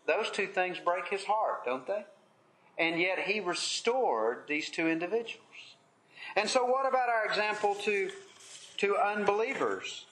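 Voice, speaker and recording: A man preaching a sermon in an earnest, measured way, pausing often as he leads a Bible study. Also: sits high, expressive, a bit bright, reverberant, slight background noise.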